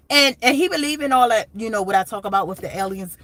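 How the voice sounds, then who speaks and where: A woman's voice: on the high side, a bit bright, no room sound. Rambling, emotional woman live-streaming. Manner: rambling and emotional, full of restarts and asides. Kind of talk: casual live-stream monologue.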